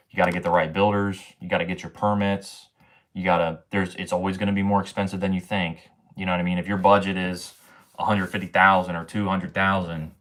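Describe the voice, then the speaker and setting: Deep-voiced young man chatting on stream. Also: a bit bright. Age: 20s. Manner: slangy and profane, says bro and man a lot. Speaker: livestream host. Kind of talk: casual livestream chat.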